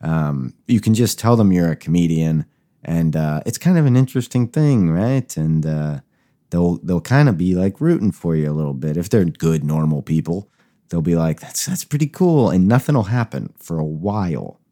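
A man's voice: low-pitched, expressive, normal speed, warm tone. A man hosting a podcast, talking loosely and rambling with swearing and self-mocking asides. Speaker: podcast host. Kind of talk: casual chat.

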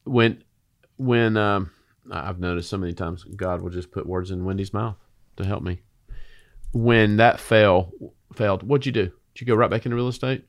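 A man with a fairly low voice hosts a relaxed faith conversation. He teases his guest with playful questions, then moves into preacher-style reflection. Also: brisk. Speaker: host.

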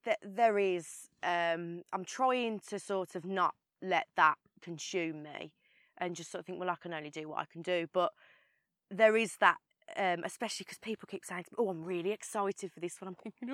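A young woman with a strong Birmingham accent talks about her work as a guest in an interview. Her voice sits a little low, and she speaks in a chatty way, full of fillers and restarts. The recording is dry and close. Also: normal speed, fairly bright tone, no echo. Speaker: actress, guest. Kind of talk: casual interview chat.

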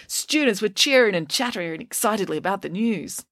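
A woman narrating a children's audiobook in a lively, expressive way. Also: mid-range voice, a little fast, no room sound, studio quality.

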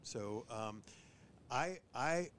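A man who trains bird dogs, chatting on a podcast and giving tips, who often acts out owners and dogs in a higher voice. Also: very slow, a little hiss or hum. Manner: animated, mimics owners and dogs in a high voice. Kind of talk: casual podcast chat.

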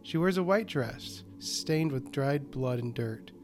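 A man hosting a horror podcast and narrating a scripted short story in a calm, even delivery. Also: mid-range voice, takes it slowly, faint music behind.

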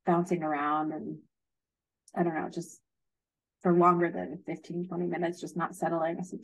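A woman who teaches young children, giving advice in a thoughtful, gentle way. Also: fairly low pitch, little pitch movement, moderate pace, pauses often, rough recording. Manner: thoughtful, gentle, hedging with fillers. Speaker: early childhood educator. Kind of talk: casual advice chat.

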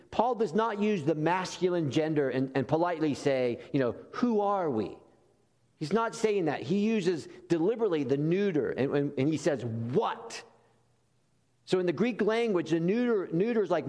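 A man's voice: on the high side, darkish tone, long reverb tail. A man preaching a sermon as a pastor, emphatic and repeating key words for stress.

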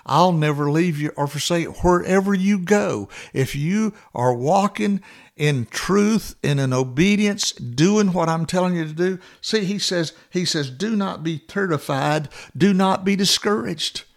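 A man's voice: sits high, measured pace. A man preaching a sermon, earnest and exhorting, building to emphatic repeated phrases.

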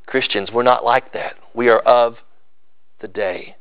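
A man's voice: mid-range voice, fairly even intonation, a little slow, clean tone, dry recording, highs cut off. A man preaching a sermon as pastor, emphatic and repeating phrases for stress.

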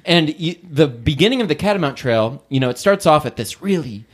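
A man's voice: a little high, lively intonation, brisk. A man telling an enthusiastic story in a casual chat as a co-host.

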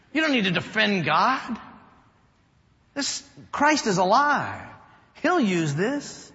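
Man, pastor, sermon, slightly high voice, shifts from loud to hushed, dull sound, long hall reverb. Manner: storytelling, swings from loud to hushed. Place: church sanctuary.

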